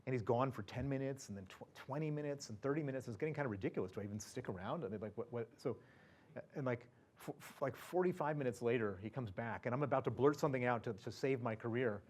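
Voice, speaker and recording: This male event guest recounts a personal story to the crowd at a quick pace, his medium-pitched voice a little mellow. He rambles chattily, restarting sentences, using fillers and chuckling.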